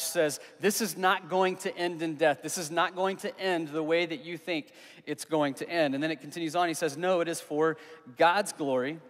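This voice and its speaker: A man's voice: fairly high pitch, fairly bright tone. Earnest man preaching in a reverberant hall. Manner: earnest, conversational preaching with emphatic pauses. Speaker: pastor. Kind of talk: sermon. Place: church hall.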